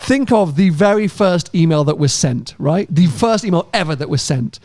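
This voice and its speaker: A man co-hosting a car podcast in casual chat, animated and quick to laugh. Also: on the high side, no room sound, clean studio sound. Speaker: podcast co-host.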